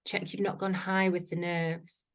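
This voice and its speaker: A woman's voice: flat delivery, measured pace. A woman, a voice coach giving a chatty, playful online workshop talk over a video call. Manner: chatty, playful, varies pitch for effect.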